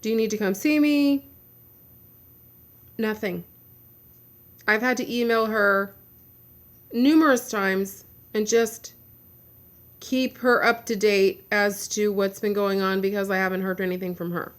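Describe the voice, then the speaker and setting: A woman's voice: medium pitch, steady tone, measured pace, long pauses. A woman giving a personal video update, venting in a frustrated, blunt rant with some swearing. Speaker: vlogger.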